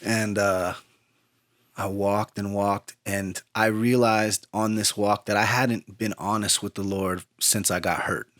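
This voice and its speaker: A man's voice: lowish voice, measured pace, no room sound, clean studio sound. A man talking as an interview guest, telling a personal story in an earnest, reflective way. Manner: earnest, reflective, drifts into lively retelling. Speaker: guest musician. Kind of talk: storytelling conversation.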